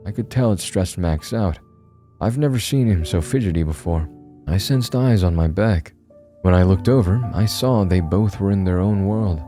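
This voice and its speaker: A man giving a steady, measured scripted narration of a horror story. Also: low voice.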